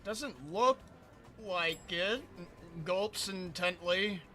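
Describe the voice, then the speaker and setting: A hoarse man losing his voice, ranting in casual let's-play commentary and reading chat aloud. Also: sits high, extremely slow, sharp tone, faint music behind. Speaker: gaming streamer.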